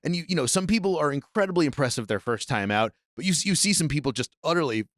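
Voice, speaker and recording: A man with an Upper Midwest American accent hosting a casual podcast interview, upbeat and quick to agree. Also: fairly high pitch, animated, fairly bright tone, dry recording, studio quality. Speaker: podcast host.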